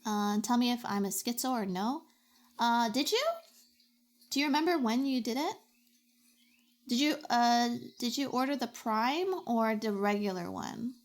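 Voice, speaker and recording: Woman streamer, slightly high voice, theatrical reactions, casual chat while drawing. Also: a little slow. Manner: expressive, dramatic reactions to chat.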